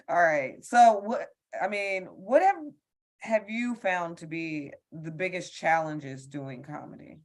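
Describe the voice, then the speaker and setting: A woman's voice: on the low side, takes it slowly. A woman hosting a casual podcast interview, asking questions with hesitant fillers. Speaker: podcast host.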